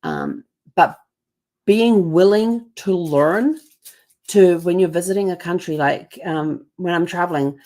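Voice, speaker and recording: Chatty woman host, lowish voice. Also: big pitch swings, a little slow, warm tone. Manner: chatty, rambling with fillers. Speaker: channel host. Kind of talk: casual talk to camera.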